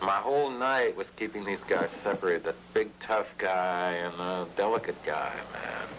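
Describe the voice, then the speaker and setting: A man's voice: deep voice, moderate pace, fairly bright tone, a little hiss or hum, rough recording. A drunk middle-aged man rambling through a profane, self-mocking story. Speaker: poet.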